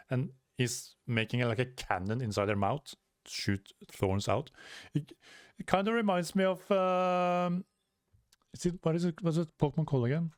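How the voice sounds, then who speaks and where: Man, casual reaction commentary, rambling, stumbly, dry close sound, mid-pitched voice. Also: no room sound. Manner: rambling, stumbles over words, many fillers. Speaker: manga reaction youtuber.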